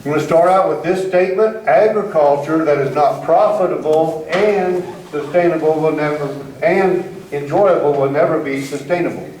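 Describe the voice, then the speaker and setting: Middle-aged american guy, folksy opinionated rancher talk, kinda high voice, echoey hall from far off. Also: moderate pace, darkish tone. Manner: folksy, self-deprecating, opinionated. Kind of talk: public presentation to an audience. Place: meeting hall with an audience. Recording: roomy, distant hall recording with faint noise.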